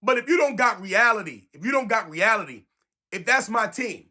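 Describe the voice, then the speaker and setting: Speaking at an ordinary pace in a high-sitting voice, this man from San Francisco vents about sports straight to the camera. He's animated and emphatic, circling back to the same phrases again and again.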